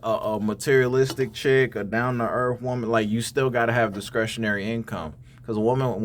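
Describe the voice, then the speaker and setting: Man giving blunt dating advice. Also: lowish voice. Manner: preachy, addresses "fellas" directly, repeats words. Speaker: reaction channel host. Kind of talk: casual commentary on clips.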